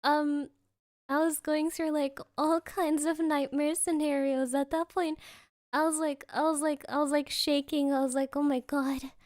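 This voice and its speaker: A young woman with a high voice chats unhurriedly from home, excitable and quick to laugh. She leans on fillers as she tells a story, and the sound is close and dry with no room around it. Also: no room sound. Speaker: streamer. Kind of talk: casual storytelling chat. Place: at home, creaky floor.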